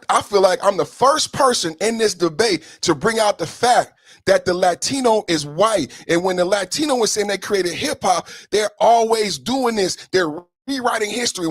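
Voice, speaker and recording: A man's voice: high-pitched, fairly bright tone, dry recording, clean studio sound. A man hosting a solo podcast, ranting in a heated, emphatic way with frequent profanity. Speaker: podcast host.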